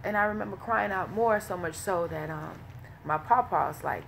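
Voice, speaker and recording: A woman's voice: medium pitch, normal speed, vocal fry, fairly bright tone, a little hiss or hum. A woman talking casually as a vlogger. She speaks candidly and emotionally, swears freely and uses many fillers. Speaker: vlogger leading a women's wellness study. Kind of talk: casual spoken commentary.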